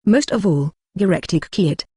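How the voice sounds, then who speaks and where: An audiobook narrator reading the lines of a wry, self-deprecating young man in the same even narrating voice. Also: mid-range voice, moderate pace, slightly rough, dry recording, clean studio sound.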